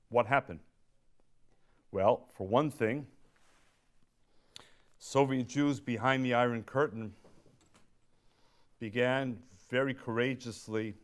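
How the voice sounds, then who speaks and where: Man giving a measured, emphatic speech. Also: mid-range voice. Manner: measured, emphatic delivery with pauses. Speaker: featured speaker. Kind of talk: public speech.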